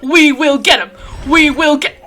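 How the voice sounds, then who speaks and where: A woman streamer chatting live over a game, dramatic and swinging from low mumbles to shrieking outbursts. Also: unhurried, loud music behind the voice. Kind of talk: live gaming stream chat.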